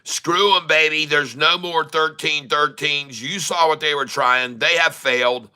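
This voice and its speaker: A middle-aged man streams his day-trading live, teasing and pleading with the market makers. He drags his words out slowly, and his voice is bright and cutting. The tone stays smooth and clean throughout. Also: fairly high pitch. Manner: excitable, taunting, drawls numbers, talks to the market.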